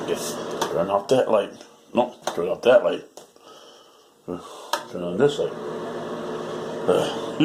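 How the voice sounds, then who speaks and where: A man's voice: medium pitch, noisy background. A man vlogging off the cuff, rambling and repeating himself, swearing a lot and joking around. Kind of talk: casual off-the-cuff vlog.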